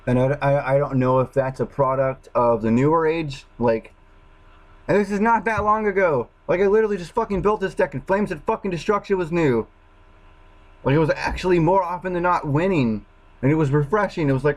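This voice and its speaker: A gaming vlogger rants alone to his camera, exasperated, swearing constantly and restarting his sentences. His voice is fairly high and fairly quick, and the recording is low quality.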